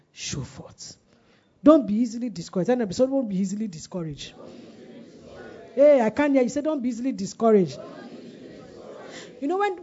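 A woman's voice: mid-range voice, warm tone, husky, muffled recording. A woman preaching a sermon, calling on the congregation to repeat her phrases and driving points home through repetition. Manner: call-and-response, repeats phrases for emphasis.

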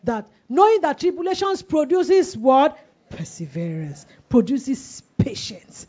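A woman's voice: high-pitched, big pitch swings, unhurried, a little mellow. A woman in her forties preaching a sermon, asking the congregation questions and letting them answer, with emphatic delivery. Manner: call-and-response questioning, emphatic. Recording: dull lo-fi recording.

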